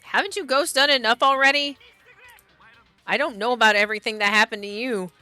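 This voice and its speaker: Bright-voiced woman streaming a horror game. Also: fairly high pitch, brisk, faint music behind. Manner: chatty, talks to the characters on screen. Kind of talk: gaming commentary, reading game text aloud.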